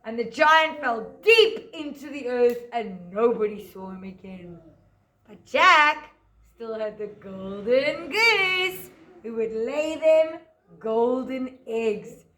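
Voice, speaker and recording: A woman, a teacher telling a fairy tale to young children and guiding a craft, in a gentle sing-song voice that stretches words out. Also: a little high, lively intonation, takes it slowly, echoey room. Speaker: preschool teacher. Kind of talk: storytelling and craft lesson for children.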